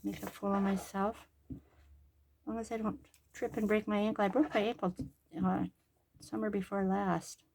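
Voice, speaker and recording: Older woman, chatty, rambling, self-mocking humor, medium pitch, easygoing crafting vlog. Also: little pitch movement, normal speed, creaky, pauses often, darkish tone, slight background noise. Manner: chatty, rambling, jokes at her own expense. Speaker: crafting vlogger. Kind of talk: casual chat while sewing. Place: at home.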